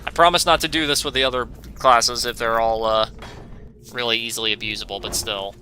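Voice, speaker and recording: A man's voice: mid-range voice, steady tone, a little fast, bright, forceful tone, a little hiss or hum. A man hosting a gaming video, giving rambling, wry commentary with jokey asides as he plays. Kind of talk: casual let's-play commentary.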